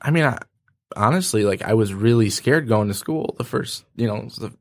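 A man's voice: on the low side, animated, normal speed, a little mellow, dry recording, studio quality. A young man, a former student, talking hesitantly in a casual chat with many fillers. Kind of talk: casual conversation.

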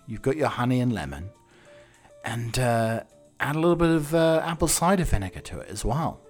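A man's voice: medium pitch, animated, fairly quick, faint music behind. A Scottish man hosting a podcast, rambling through a jokey, musing comic monologue. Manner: jokey, musing, drifts between tangents. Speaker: podcast host.

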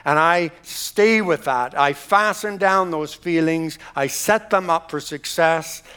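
A man preaching a sermon to a church congregation, impassioned, with frequent restarts, swinging from loud declarations to hushed asides. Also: fairly high pitch, slow pace, clear, resonant tone. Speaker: pastor. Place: church hall.

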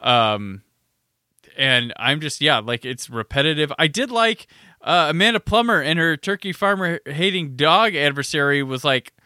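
A man's voice: a little high, normal speed, bright, forceful tone, no echo, studio quality. A man hosting a podcast, chatting casually and animatedly about a film, with a rambling style full of "like". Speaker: podcast host.

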